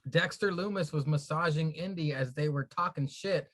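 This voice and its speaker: A man hosting a loose wrestling podcast, teasing his friends and moving them from topic to topic. His voice sits a bit higher than most men's. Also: normal speed, a bit bright. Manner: teasing, directs the talk. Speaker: podcast host. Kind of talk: casual wrestling chat.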